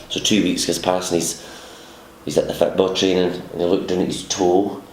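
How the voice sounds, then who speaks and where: A man's voice: deep voice, little pitch movement, moderate pace, slight background noise. A Scottish man, a comedian and host, telling a long joke and bantering, acting out the characters he quotes. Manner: broad storytelling, mimics characters in quotes. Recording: roomy echo.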